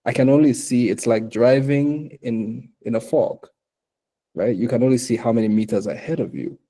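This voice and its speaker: A man from Africa speaks to a bootcamp of would-be entrepreneurs with a very dark, mellow tone at a middling pitch. He is animated, often breaks into laughter and acts out little quoted dialogues. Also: moderate pace. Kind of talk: motivational talk to entrepreneurs.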